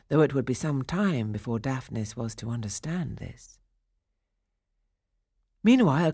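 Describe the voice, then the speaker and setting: A woman reads a children's storybook aloud into a studio microphone, slow and expressive. Her voice sits low and unhurried. The sound is close and dry. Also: dry recording. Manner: slow, expressive, dramatic reading. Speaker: audiobook narrator. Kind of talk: storybook narration.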